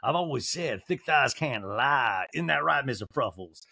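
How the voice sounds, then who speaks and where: A prim, bossy society woman, as a man puts her on, drawling her words slowly and tacking on "I say, I say." The voice is bright and lively and sits high for a man. It is recorded dry and close. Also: vocal fry, breathy edge, no room sound, exaggerated voice. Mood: flirty. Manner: slow drawl with repeated "I say, I say".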